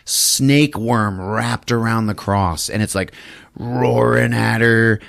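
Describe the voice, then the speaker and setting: A man hosting a podcast who recaps a horror film in casual chat, telling it as an animated storyteller. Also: fairly low pitch, slow, vocal fry, hardly any pauses, dry recording, clean studio sound. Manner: animated storyteller, laughing often. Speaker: podcast host.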